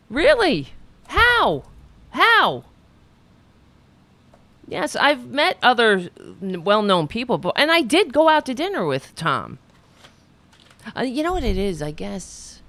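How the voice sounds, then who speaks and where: A woman's voice: mid-range voice, fairly bright tone, dry recording. A middle-aged woman hosting a show, rambling, swearing and mocking herself in a casual chat. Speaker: podcast host. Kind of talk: casual self-deprecating chat after an interview.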